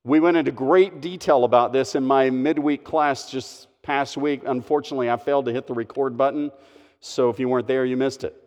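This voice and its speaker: A man's voice: mid-range voice, steady tone, a little fast, darkish tone, in a large hall. A man preaching a sermon as a pastor, earnest and emphatic, stressing his phrases.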